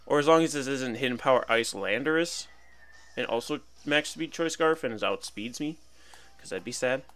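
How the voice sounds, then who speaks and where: A young man with a mid-range, fairly bright voice commentates his own battle game at a moderate pace. He's chatty and playful, thinking aloud about every move like a casual gaming commentator.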